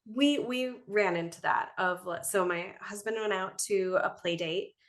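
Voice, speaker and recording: Animated woman telling stories with a laugh. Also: mid-range voice, a little slow. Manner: animated storyteller, laughs often. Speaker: podcast guest. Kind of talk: casual conversation.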